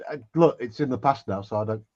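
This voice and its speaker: A man's voice: medium pitch, fast, dull audio, crowd noise. A man with an English accent chatting casually on a livestream, breezy and self-mocking. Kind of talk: casual group chat on a livestream.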